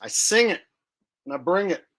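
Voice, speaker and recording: A man's voice: high voice, big pitch swings, moderate pace, very noisy. A man hosting a casual livestream, joking brashly with viewers and cursing freely. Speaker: livestream host.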